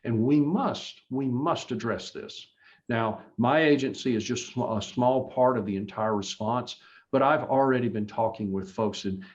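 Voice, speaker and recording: A man's voice: lowish voice, a little mellow, muffled recording. A man running for office, answering interview questions in an earnest, emphatic way with frequent restarts. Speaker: political candidate.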